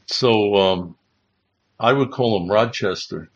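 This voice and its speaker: A man's voice: fairly low pitch, takes it slowly. A man, a chaplain hosting a Bible livestream, telling rambling stories in a casual way, with many restarts. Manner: rambling, restarts, chuckling as he recalls. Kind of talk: casual anecdotal storytelling. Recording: dull lo-fi stream audio.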